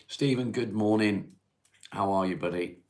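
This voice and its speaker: A man from Cheshire, hosting a casual livestream, reading viewers' comments aloud and answering them in a laid-back, unhurried way. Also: lowish voice, a little mellow. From England (Cheshire). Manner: laid-back, unhurried, reads chat questions aloud then answers plainly. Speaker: livestream host. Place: at home, smoking while streaming.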